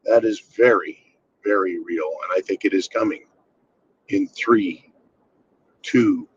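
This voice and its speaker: A man's voice: lowish voice, slow pace, slight background noise. A man from the United States hosting a blunt, profane and sarcastic commentary rant. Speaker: channel host. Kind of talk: ranting commentary monologue. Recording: slightly dull lo-fi sound.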